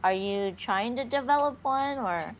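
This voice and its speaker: A woman's voice: fairly high pitch, measured pace, crowd noise. Chatty woman hosting a stream. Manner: chatty, hesitant with fillers. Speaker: livestream host. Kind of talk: casual livestream chat.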